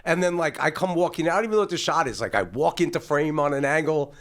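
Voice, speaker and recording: A middle-aged man hosting a podcast, telling a story in a casual, animated way. He swears freely and acts out the voices of the people in it. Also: fairly high pitch, fast talker. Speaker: podcast host.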